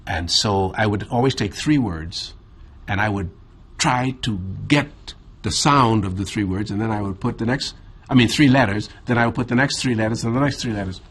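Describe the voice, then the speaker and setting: Man, Caribbean accent, husky, lowish pitch, thoughtful, measured, reflective story. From Bahamas. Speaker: interview guest.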